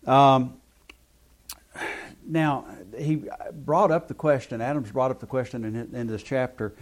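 A man's voice: medium pitch, darkish tone. A man leading a Bible study class, explaining at length with many hesitant fillers. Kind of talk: classroom teaching.

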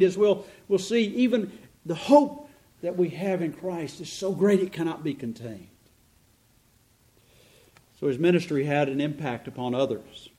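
A man's voice: fairly high pitch, a little slow, long pauses, dark tone. A middle-aged man preaching a sermon as pastor, earnest and emphatic, asking the listeners rhetorical questions.

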